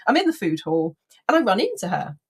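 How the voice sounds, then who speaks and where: A woman who trains people in a speed reading method tells a story to her audience. She speaks casually and with lively energy, the way someone talks when recounting something that happened to her. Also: mid-range voice, brisk, breathy edge. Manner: says "I says" and "blah, blah" in casual speech. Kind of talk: anecdotal storytelling talk.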